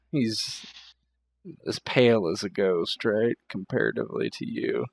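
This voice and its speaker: A man narrating a tabletop game as game master in a slow, relaxed way. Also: fairly low pitch, creaky.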